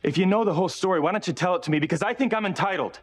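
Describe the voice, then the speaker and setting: A man's voice: high-pitched, very fast, husky. An actor playing a betrayed young man who demands answers, in sarcastic, insistent soap opera dialogue. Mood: angry. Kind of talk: daytime soap acting.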